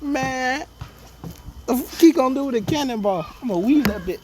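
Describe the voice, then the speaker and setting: A man's voice: very high-pitched, lively intonation, normal speed. Guy riffing a silly story, stammers n laughs, bit of hiss. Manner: rambling, joking, acts out dialogue with stammers. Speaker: storyteller improvising a scenario. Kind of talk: casual improvised storytelling.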